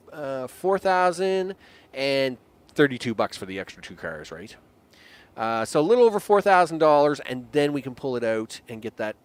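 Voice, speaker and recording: A man's voice: mid-range voice, a little hiss or hum. A young man giving live gameplay commentary, rambling, jokey and talking to himself with chuckling asides. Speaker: game streamer.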